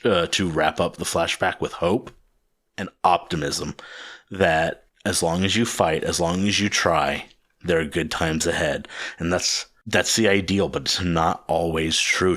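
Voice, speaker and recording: A man's voice: low voice, a bit bright. A man hosting a podcast, talking earnestly and reflectively in casual chat. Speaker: podcast host.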